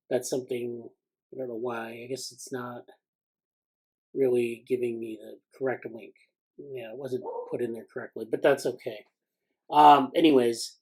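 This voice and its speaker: A man's voice: medium pitch, darkish tone, husky, low-quality recording. A man hosting an informal research meeting on a video call, reading passages aloud and then commenting in a hesitant way, with frequent fillers and restarts. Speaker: meeting host reviewing newsletter items. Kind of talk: casual academic meeting talk, reading excerpts aloud.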